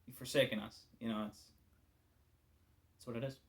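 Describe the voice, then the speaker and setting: A man giving an informal devotional talk as a preacher, casual and candid, weary and subdued, often trailing off into quiet asides. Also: medium pitch, fairly even intonation, moderate pace.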